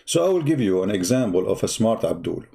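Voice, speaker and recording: A man with a fairly low, creaky, warm voice talks quickly in a sing-song way. He is an online broadcast host delivering mocking livestream commentary, sarcastic and scolding, often laughing at his opponent.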